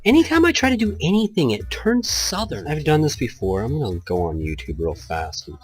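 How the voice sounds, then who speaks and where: A man's voice: a little high, very animated, fairly quick, soft background music. A man hosting a let's play, talking casually and rambling as he reacts to the game. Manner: rambling, chatty, laughs often. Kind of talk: casual commentary over a game.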